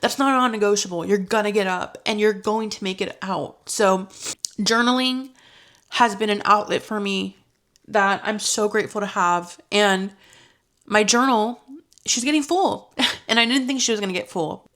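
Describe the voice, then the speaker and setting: Speaking at a normal speed, this young woman has a medium-pitched voice with a fairly bright tone. As a lifestyle vlogger addressing her camera, she opens up in a casual, earnest, chatty way, occasionally getting emotional and then laughing.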